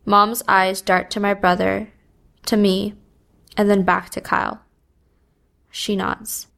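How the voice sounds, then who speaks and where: A woman reading a first-person story aloud in a subdued, even manner. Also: medium pitch, creaky. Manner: slow, even, subdued delivery. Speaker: narrator.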